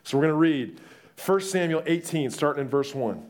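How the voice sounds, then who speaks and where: Young guy preaching, story mode, voice swinging all over, kinda high. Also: moderate pace. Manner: lively storytelling, acting out voices. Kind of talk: sermon.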